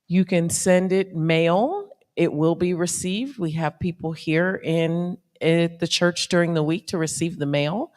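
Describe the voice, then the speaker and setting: A woman's voice: fairly low pitch, a little mellow. A woman board president making informal announcements in a church. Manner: plain, informal, with fillers. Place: church sanctuary. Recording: long church reverb.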